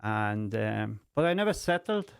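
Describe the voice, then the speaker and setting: A middle-aged man from Italy speaking English with an Italian accent, telling his life story as a podcast guest in broken, animated English. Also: on the low side, a little slow, gravelly, smooth. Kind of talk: personal testimony in conversation.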